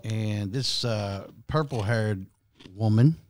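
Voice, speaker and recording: A man's voice: on the low side, takes it slowly, a little mellow. A man, hosting a podcast and telling a long profane story with many restarts. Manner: rambling, profane, frequent restarts. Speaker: podcast host. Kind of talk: casual storytelling.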